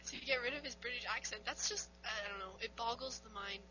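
A woman's voice: on the high side, fairly quick, bright, forceful tone, highs cut off, soft background music. A young woman co-hosting a casual podcast, chatting in a playful, teasing way. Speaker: podcast co-host. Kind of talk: casual chat.

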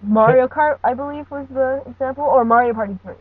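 A woman's voice: sits high, a little fast, husky, dry recording. A woman hosting a casual podcast, joking around and laughing often. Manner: giggly, jokey, laughs often. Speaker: podcast host. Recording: tinny phone-like audio with faint hiss.

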